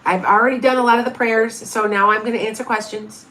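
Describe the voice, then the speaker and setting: A woman's voice: a little high, steady tone, fast, a bit bright, a little hiss or hum. A woman in her fifties, a medium hosting a livestream, chatting casually through viewer questions with lots of restarts and asides. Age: 50s.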